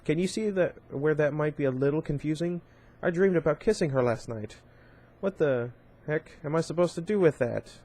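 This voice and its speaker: A man's voice: on the high side, normal speed, few pauses, darkish tone, lightly acted. A man voicing a bitter, sneering young woman in a storybook reading, in his own plain voice. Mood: scornful. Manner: sneering, blunt.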